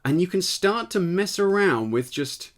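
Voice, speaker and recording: A man giving a casual spoken singing lesson, explaining step by step and checking in with the listener, his voice tired and slightly husky. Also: sits high, lively intonation, unhurried. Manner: explanatory, conversational, often checks in with "right?". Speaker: voice teacher.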